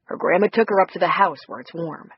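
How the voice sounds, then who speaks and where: A man's voice: high voice, fast, muffled recording, a little hiss or hum. Narrator as a soothing, caring man. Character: reassuring man, caring friend.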